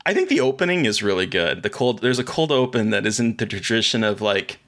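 A man's voice: on the low side, lively intonation, a little fast, a bit bright. A man co-hosting a podcast, chatting casually about films and shows, rambling and enthusiastic with many restarts. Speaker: podcast co-host.

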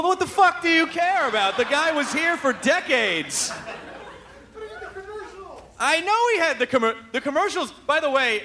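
A man's voice: very high-pitched, bright, forceful tone. A man hosting a live podcast in front of an audience, hyper, rambling and crude. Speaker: podcast host. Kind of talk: live stand-up-style podcast banter. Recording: live stage with audience noise.

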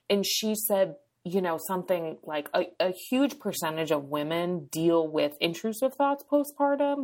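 A woman in her thirties, a guest on a podcast, talking in a halting, reflective way with many fillers. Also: deep voice, vocal fry. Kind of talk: casual conversation.

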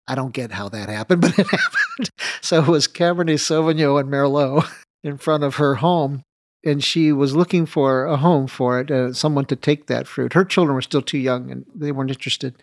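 A man in an interview spins a winemaking story and voices both sides of an old exchange, laughing now and then. His voice sits at an ordinary middle pitch. The sound is dry and close. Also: normal speed, no room sound. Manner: anecdotal, animated retelling of dialogue with light laughs. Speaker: winemaker guest.

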